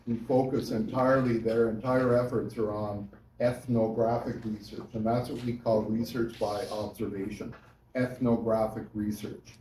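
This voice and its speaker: A man's voice: fairly low pitch, little pitch movement, normal speed, mellow, recorded from a distance, a little hiss or hum. Man lecturing in an echoey classroom. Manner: interactive, checks in with "right?". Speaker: university lecturer. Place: lecture hall.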